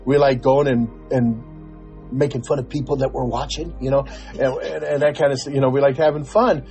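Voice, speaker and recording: A man's voice: mid-range voice, steady tone, brisk, creaky, dark tone, faint music behind. Older man rambling through a story. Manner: rambling storyteller with many restarts, acts out dialogue. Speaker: podcast co-host. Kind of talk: casual interview chat.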